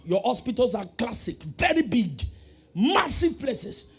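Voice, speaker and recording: Husky-voiced preacher, high and fiery. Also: male voice, animated, moderate pace. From Nigeria. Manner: preaching with call-and-response, swinging from soft to shouting. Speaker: pastor. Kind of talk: sermon.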